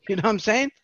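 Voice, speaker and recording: A man's voice: high-pitched, fairly bright tone, no echo, lo-fi sound. A man from New York, a podcast host, telling rambling profane stories in casual chat.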